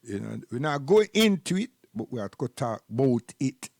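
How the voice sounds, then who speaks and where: A man's voice: medium pitch, big pitch swings, moderate pace, gravelly, a little mellow. A man with a Jamaican accent giving rambling, preachy live-stream commentary and repeating words while he searches for the next one.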